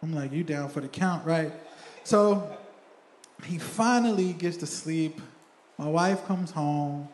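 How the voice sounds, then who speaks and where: A man's voice: fairly high pitch, slow, long pauses, a little mellow, roomy sound. A young man, a church elder, tells a personal story in a sermon, chatty, and keeps asking "right?". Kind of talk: sermon testimony. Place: church sanctuary.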